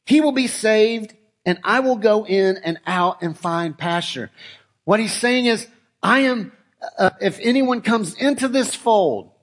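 A middle-aged man preaching a sermon, shifting from relaxed storytelling to slow, emphatic declarations. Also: high voice. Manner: conversational storytelling that builds to emphatic, slowed declarations. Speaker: pastor.

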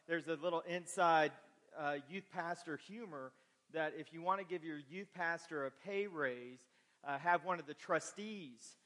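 A man's voice: on the high side, unhurried, fairly bright tone. A man preaching a sermon to his congregation after some announcements, folksy and joking in his asides. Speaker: pastor. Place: church sanctuary. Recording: long hall reverb.

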